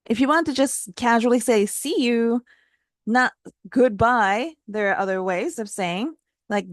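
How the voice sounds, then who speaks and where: Woman teaching, dry sound. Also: no echo. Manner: models phrases with lively pitch jumps, laughs lightly. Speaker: Japanese language teacher. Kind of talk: casual spoken lesson.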